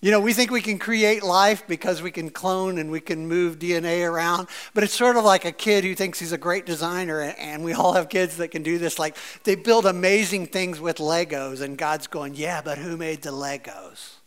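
A man preaching a sermon in a conversational, animated way, with many fillers and playful asides. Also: high-pitched, moderate pace, few pauses, clean tone. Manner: playfully acts out quoted voices. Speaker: pastor.

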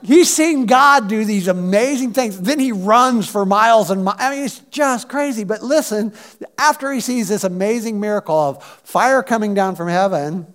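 A man preaching a sermon in a conversational, animated way, acting out quotes from scripture. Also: high-pitched, normal speed. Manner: conversational, animated, acts out biblical quotes in voices. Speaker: pastor.

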